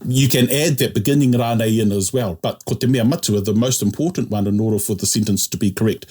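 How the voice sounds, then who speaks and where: A man's voice: fairly low pitch, quick pace, a little mellow, husky. A man tutoring a language lesson, explaining patiently step by step and checking in often.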